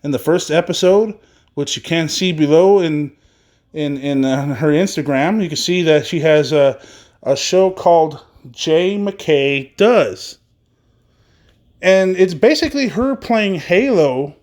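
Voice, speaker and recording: A man's voice: on the high side, lively intonation, takes it slowly, darkish tone. A man hosting a solo wrestling podcast, reading news in a casual, rambling way with many fillers and some swearing.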